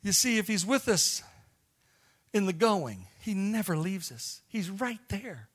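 High-voiced man preaching a sermon. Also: big pitch swings, a little slow, breathy edge. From Illinois. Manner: storytelling, swings from hushed to shouting. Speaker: missionary preacher.

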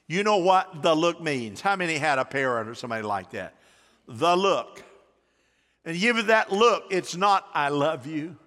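A man preaching a sermon with emphatic, stretched-out words and quieter storytelling asides. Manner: emphatic, stretches key words slowly, drops to a low aside for stories. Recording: hall reverb.

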